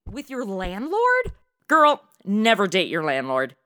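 A woman's voice: mid-range voice, huge pitch swings, slow, sharp tone. A woman giving sassy, wisecracking comedic commentary as a co-host. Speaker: comic co-host.

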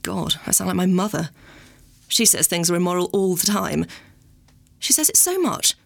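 A woman's voice: fairly low pitch, big pitch swings, moderate pace, creaky. A woman performing a comic dramatic monologue, rambling, arch and constantly correcting herself.

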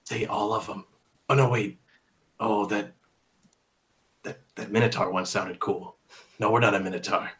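A man's voice: on the low side, steady tone, normal speed, long pauses, a bit bright. A man playing a skeleton in a tabletop game, goofy, with dry asides. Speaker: player.

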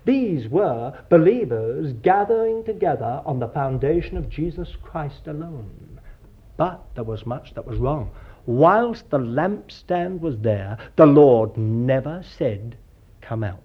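Preacher guy, earnest, wanders off on tangents, bit high voice, muffled old tape. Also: lively intonation, slow pace, slightly rough. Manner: earnest, digressive, addresses listeners as dear child of God. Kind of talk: sermon. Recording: dull lo-fi sermon recording.

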